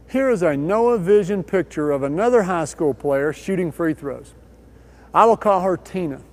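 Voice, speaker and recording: A man giving a scripted instructional voice-over for a training video, explaining each point in a measured way. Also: high-pitched.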